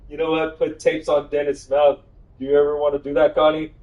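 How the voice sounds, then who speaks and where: A man streaming a video game live, reacting excitably, swearing and shouting. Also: on the high side, brisk. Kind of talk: live gaming stream commentary.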